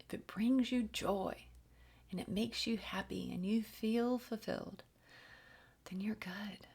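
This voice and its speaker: Gentle woman giving a spiritual reading. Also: mid-range voice, fairly even intonation, slow pace, creaky, husky. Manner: gentle and encouraging, many fillers and restarts, drops to soft whispers. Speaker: channeled reader.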